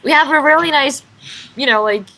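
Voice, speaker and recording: A woman co-hosting a casual fan chat in a bright, clear voice. Her Moscow Russian accent has been worn soft by years of American English. She laughs often and keeps the questions moving. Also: sits high, slight background noise. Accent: Moscow Russian, softened by years of American English. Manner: chatty, quick to laugh, steers the questions. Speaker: co-host.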